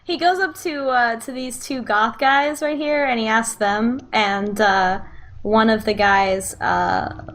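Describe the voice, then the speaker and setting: Halting woman running a tabletop game. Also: fairly high pitch, a bit bright, a little hiss or hum. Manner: halting, repeats words, laughs often. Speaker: game master. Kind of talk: narrating a tabletop role-playing game.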